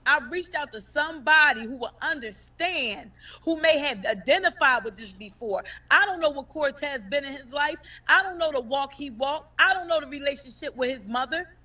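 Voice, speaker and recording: On a livestream, a grieving mother of the deceased testifies emotionally in a high, bright, animated voice at normal speed, with hardly any pauses. She speaks with impassioned emphasis, repeating words for force, and sounds distant because she sits away from the phone mic.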